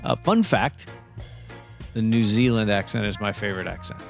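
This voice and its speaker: A man's voice: lowish voice, normal speed, gravelly, soft background music. A man co-hosting a podcast in casual chat, playful and enthusiastic, who rambles a little as he explains things. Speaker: podcast co-host.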